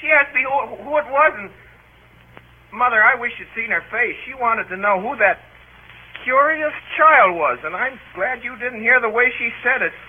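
An actor playing a fussy, easily outraged teenage boy in 1940s radio acting, with a husky, whiny voice. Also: very high-pitched, lively intonation, moderate pace, exaggerated voice. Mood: indignant. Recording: tinny old radio broadcast.

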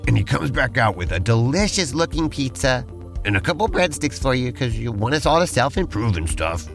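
A man co-hosting a podcast, narrating a playful role-play and bantering with enthusiasm. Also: medium pitch. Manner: enthusiastic, talky, uses "like" a lot. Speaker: podcast co-host.

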